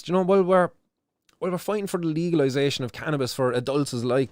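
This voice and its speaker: This stream host is a young Irish man whose fairly high-pitched voice comes through a dry recording. He gives passionate, emotional live-stream commentary, swearing freely, restarting often and dropping in "do you know" again and again.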